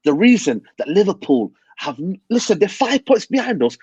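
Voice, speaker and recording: Man, husky, hushed, emphatic football rant, muffled lo-fi call audio. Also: high voice, very animated, moderate pace, hardly any pauses, no echo. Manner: emphatic, repeats yeah and man. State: talking quietly, near a whisper. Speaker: football fan pundit. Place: hotel room. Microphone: video call.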